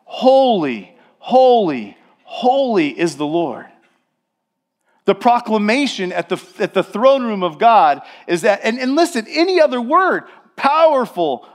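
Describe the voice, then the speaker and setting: Male pastor, high-pitched, emphatic sermon delivery, talks straight to the congregation. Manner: emphatic preaching, slows and stresses repeated words; addresses the congregation directly.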